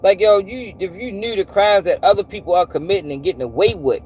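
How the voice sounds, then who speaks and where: A man hosting a live stream, animated and profane, repeating himself and firing off rhetorical questions. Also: sits high, a little fast, slight background noise. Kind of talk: casual commentary to a live audience.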